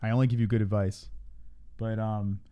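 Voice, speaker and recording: A young man chatting on a livestream in a loose, profane way. He laughs easily and flips into a high voice whenever he quotes someone. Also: little pitch movement, normal speed, smooth, highs cut off. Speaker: livestream co-host. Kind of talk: casual livestream chat.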